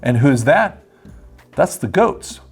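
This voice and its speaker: Animated, husky-voiced male Bible teacher. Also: medium pitch, slow pace, faint music behind. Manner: animated, acts out quoted voices. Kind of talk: sermon-style Bible teaching.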